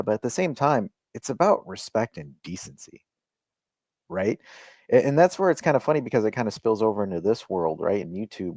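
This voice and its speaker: Profane low-voiced man telling a story. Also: no room sound. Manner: animated, profane, swings between loud and quiet. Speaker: podcast co-host, restaurant owner. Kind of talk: casual storytelling chat.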